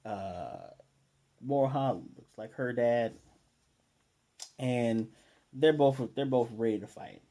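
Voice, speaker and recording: Mellow and mid-range, a male anime reviewer slowly and casually recaps an episode, leaving long pauses. He retells the scenes loosely, quoting characters and restarting as he goes.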